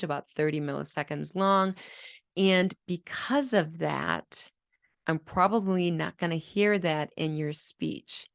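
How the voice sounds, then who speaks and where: A woman's voice: low voice, gravelly, no echo, studio quality. A woman speech-language pathologist teaching on a podcast, talking earnestly and sounding out children's babble as examples. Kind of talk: educational podcast talk.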